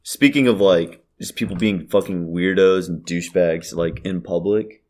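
A man's voice: deep voice, normal speed, darkish tone. A young man in casual chat, blunt and incredulous, swearing heavily.

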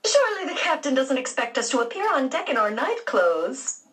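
A woman's voice: high voice, sing-song, fairly quick, a bit bright, distant mic, pitched above the performer's own voice. A woman voicing a stern, exasperated middle-aged aunt in a storybook reading. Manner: exasperated, haughty.

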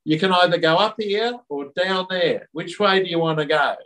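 A man voicing Jesus as a blunt, brisk figure with a Cockney accent, told within a story. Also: high-pitched, a bit bright, voice pushed up, low-quality recording.

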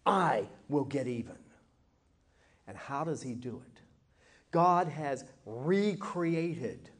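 A man teaching a Bible class lesson, telling the story expressively and slowing down to act out quoted lines. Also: a little high. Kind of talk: Bible class lesson with acted scripture reading.

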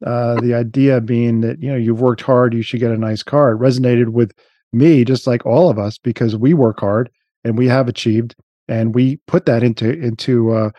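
Mellow-voiced man chatting casually. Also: mid-range voice, steady tone, normal speed, no echo, highs cut off. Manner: rambling, frequent restarts and fillers. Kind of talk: casual chat.

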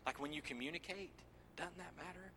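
Preacher in his 30s, jokey casual sermon voice, really bright tone. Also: a little high, a little fast, a little hiss or hum. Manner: joking, lively asides to the congregation.

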